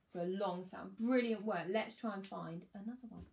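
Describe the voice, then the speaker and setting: A woman teaching a phonics lesson to young children, encouraging them and sounding out words slowly. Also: medium pitch, vocal fry, a little mellow, echoey room. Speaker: primary school teacher.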